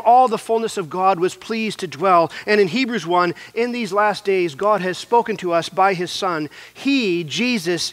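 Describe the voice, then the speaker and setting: A man preaching a sermon as pastor, in an earnest, measured way with repeated phrases. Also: high-pitched, a bit bright, dry recording.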